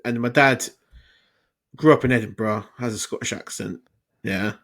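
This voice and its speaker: A man's voice: fairly low pitch, normal speed, a bit bright. A man with an English accent co-hosting a podcast, chatting casually in a mumbling, sweary banter. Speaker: podcast co-host. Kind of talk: casual chat.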